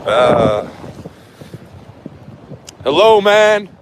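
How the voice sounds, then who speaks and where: An English man vlogs from a windy seafront, his high voice swinging widely in pitch as he draws out his words. He calls out sing-song chants and silly put-on accents to his viewers while loud wind noise hits the mic.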